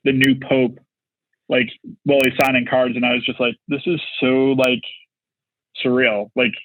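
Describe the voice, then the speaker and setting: A marketing executive guest on a podcast tells a casual anecdote in a medium-pitched, flat delivery at a moderate pace. He rambles, filling it with "like" and "you know," and the recording is dry with a dull lo-fi sound.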